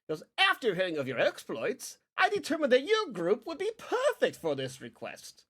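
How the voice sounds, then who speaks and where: A man's voice: very high voice, huge pitch swings, moderate pace, pushed and bright, voice pushed up, heavily acted. A man voicing a pompous, well-groomed noble who speaks fussily, formally and apologetically. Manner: fussy, apologetic and overly formal.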